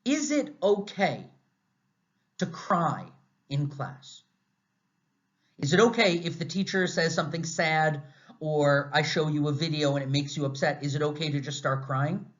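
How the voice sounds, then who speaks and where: An American man lecturing a class in a conversational, animated way, asking lots of rhetorical questions. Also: a little high, measured pace. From United States. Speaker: university lecturer. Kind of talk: recorded lecture. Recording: slightly dull, muffled audio.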